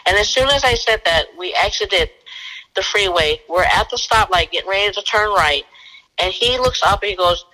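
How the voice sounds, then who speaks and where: A woman's voice: medium pitch, low-quality recording. A woman working as a fugitive recovery agent, telling a story casually and animatedly and acting out the dialogue. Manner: animated, acts out dialogue in quick bursts.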